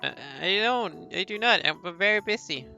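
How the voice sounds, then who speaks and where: A man's voice: high voice, lively intonation, normal speed, creaky, bright, forceful tone, highs cut off, soft background music, voice pushed up, exaggerated voice. A man voicing a young foreign woman traveler in a story game who stammers and pleads when she gets flustered. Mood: indignant.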